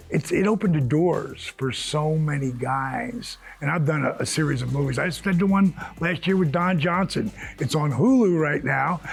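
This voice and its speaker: A man who is a former wrestler, telling an animated backstage anecdote in an interview. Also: a little high, vocal fry. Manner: lively storyteller who jumps into other people's voices. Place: yoga studio.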